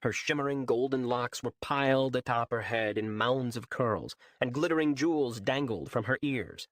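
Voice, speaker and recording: A man narrating a fantasy audiobook in a steady, measured storytelling style on a close mic. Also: medium pitch, dry recording.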